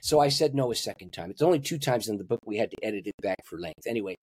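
An older man, a pastor, telling a personal story in an interview and acting out the voices in it with big swings in pitch. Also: animated, racing, a little mellow, breathy edge, no room sound. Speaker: pastor and guest.

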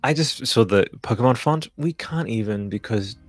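A man's voice: mid-range voice, expressive, normal speed, soft background music. A man in his thirties hosting a live stream, chatting casually in a loose, profane, hyped-up way. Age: 30s. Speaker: podcast host.

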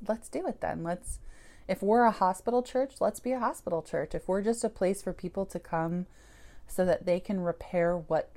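A woman's voice: mid-range voice, mellow. A woman who founded a church, telling her story candidly in an interview, swearing and laughing as she goes.

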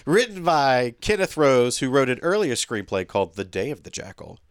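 A man hosts a casual movie podcast with a lively, animated delivery. His voice moves up and down freely as he runs through credits. The sound is dry and close. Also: mid-range voice, moderate pace, smooth, no room sound. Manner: lively, reads out film credits. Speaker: podcast host.

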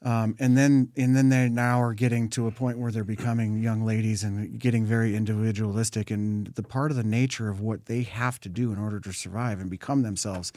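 Reflective man with a lowish voice. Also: fairly even intonation, a little fast, few pauses, dark tone, no room sound, studio quality. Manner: reflective, wistful, thinks aloud. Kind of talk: casual podcast conversation.

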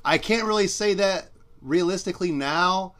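A man's voice: high-pitched, moderate pace, a bit bright. A man co-hosting a sports podcast in casual, playful chat, often talking up his partner. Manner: playful, talks up his co-host.

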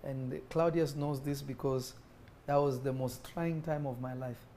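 A man's voice: medium pitch, fairly even intonation, measured pace, mellow, a little hiss or hum. A man preaching a sermon as a prophet. He speaks emphatically, repeats himself and asks the congregation questions. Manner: emphatic and repetitive, with call-and-response questions.

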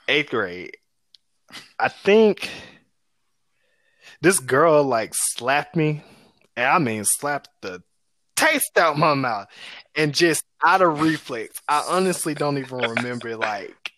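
Lively bright-voiced young man telling stories. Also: takes it slowly, no room sound. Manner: animated, acts out quoted people in a high voice. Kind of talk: casual storytelling chat.

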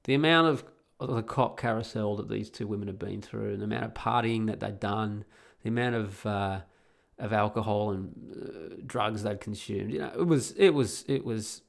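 A man's voice: fairly low pitch, lively intonation, normal speed, gravelly. An Australian man hosting a podcast from home, telling a story in a blunt, crude and rambling way with lots of restarts. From Perth, Australia. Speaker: podcast host. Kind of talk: casual storytelling monologue.

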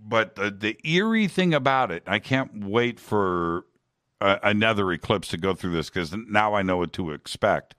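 A man's voice: on the low side, expressive, normal speed, fairly bright tone, dry recording, clean studio sound. A man hosting a talk show, chatting with his guest in an emphatic, eager way. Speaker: radio talk show host. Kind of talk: conversational interview.

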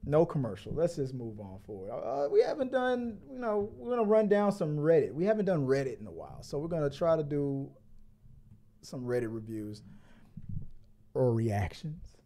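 A man hosts a casual chat show from a home setup. His voice is warm and mellow, sitting slightly high. He rambles, jokes and repeats words as he thinks aloud. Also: very animated, normal speed. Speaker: podcast host.

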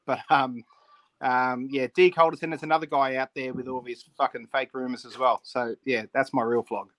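Aussie guy rambling, um uh fucking every other word, average pitch. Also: flat delivery, normal speed, a bit bright. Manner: rambling, full of fillers and swearing. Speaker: podcast co-host. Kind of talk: casual chat.

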